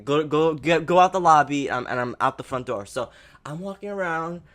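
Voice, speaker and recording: Podcast co-host rambling through a story, lots of likes and ums, easily excited, mid pitch. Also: normal speed. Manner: excitable storyteller, gasping and acting out reactions; rambling with many fillers. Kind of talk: casual podcast chat.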